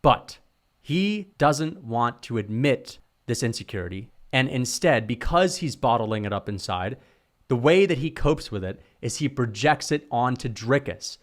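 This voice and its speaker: A man's voice: medium pitch, expressive, unhurried. A young man giving heated, opinionated solo commentary on fighters, full of slang and swearing. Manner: heated, slangy, swears, says bro and dude. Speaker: MMA commentary youtuber.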